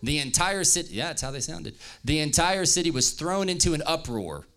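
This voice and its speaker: Playful male pastor, bright tone, animated delivery, reads scripture. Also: on the high side, brisk. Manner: playful, joking with the audience, reading scripture aloud. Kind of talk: lively youth-service sermon with scripture reading.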